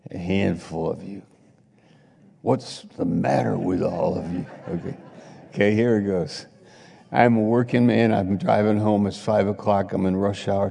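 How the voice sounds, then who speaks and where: A middle-aged man preaching a sermon, acting out little scenes and swinging between loud exclamations and quiet asides. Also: lowish voice, normal speed, vocal fry. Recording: long hall reverb.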